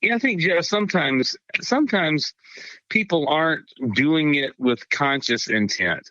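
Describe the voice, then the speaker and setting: A pastor with a bright, lively voice that rises and falls a lot, chatting on a church podcast. He sounds playful and teasing, and the recording is close and dry. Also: a little high, a little slow, no echo, highs cut off. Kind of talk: casual church podcast chat.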